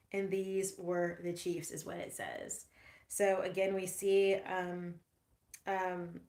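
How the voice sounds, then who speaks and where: An earnest, reflective woman talks through a Bible passage at an unhurried pace. Her voice sits at a middle pitch for a woman. The recording has a noticeably roomy echo. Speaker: podcast host teaching scripture. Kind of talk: Bible teaching talk.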